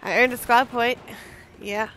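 A woman's voice: fairly high pitch, steady tone, unhurried, bright, forceful tone. A young woman giving casual, profane gameplay commentary, trash-talking opponents and laughing often. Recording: noisy game audio behind.

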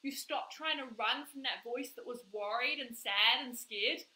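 A woman life coach talks straight to her viewers in a high, very bright voice. She speaks with emphasis and energy and slips into little acted voices when she quotes people. The room is echoey. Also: unhurried. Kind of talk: direct-to-camera vlog talk.

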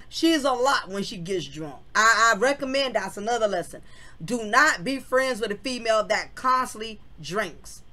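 A woman telling a personal story on her vlog, speaking frankly and casually with plenty of slang. Her voice sits a little high and sounds bright and forward.

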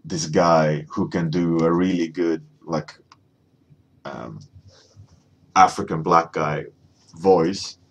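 Man, extremely low voice, husky, loose rambling chat while painting, lots of ums. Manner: rambling, many fillers and restarts. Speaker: artist streaming a painting warmup.

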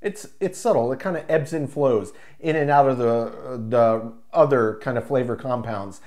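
A man's voice: mid-range voice, moderate pace, darkish tone. A man reviewing a craft beer in a casual, enthusiastic way, describing flavors in loving detail. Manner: enthusiastic, descriptive, savoring each word.

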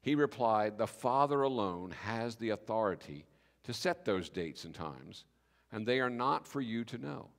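Male pastor, animated sermon storytelling, voices the characters, long church reverb. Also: fairly low pitch, unhurried, gravelly. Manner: animated storytelling, acting out biblical speakers in voice. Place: church sanctuary.

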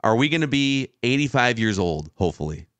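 A man's voice: mid-range voice, big pitch swings, brisk, a bit bright, no room sound. A man co-hosting a sports podcast, making emphatic points in long run-on stretches. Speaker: podcast co-host. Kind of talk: casual sports chat.

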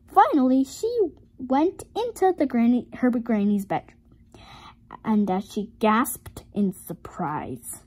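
A woman reading a picture book aloud to her viewers, with expressive storytelling and chatty asides. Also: fairly high pitch, slow pace, breathy edge. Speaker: storybook reader.

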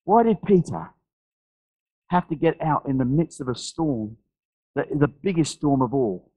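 A man's voice: expressive, a little slow, slightly rough, low-quality recording. A male pastor from Australia delivering an impassioned sermon and altar call, repeating phrases and restarting sentences as he presses the point. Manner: impassioned, repetitive preaching with many restarts; drops to soft, low storytelling voice for anecdotes.

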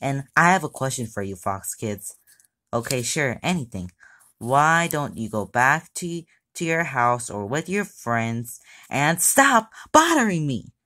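A bratty little logo kid voiced by a woman whines and snaps at everyone in a raised, shrill voice. The delivery is slow and deliberate, with an oddly deep base tone for someone so young. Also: sing-song, heavily acted. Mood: sulky. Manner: whiny, shouting, rude. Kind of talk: amateur skit voice acting.

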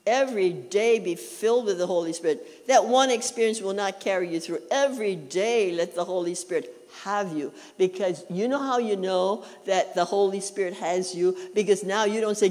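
A man's voice: high-pitched, normal speed. Preaching man in a reverberant church. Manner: animated preaching, acts out quoted prayers. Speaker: pastor. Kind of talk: sermon. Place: church sanctuary. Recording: long hall reverb.

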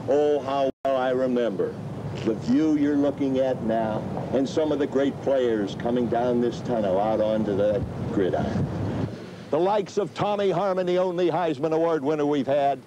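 An older man, a sports broadcaster, delivering a sentimental tribute narration with rhyming verse, his voice swooping from high exclamations down to low murmurs. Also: normal speed, noisy background. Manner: reverent and sentimental.

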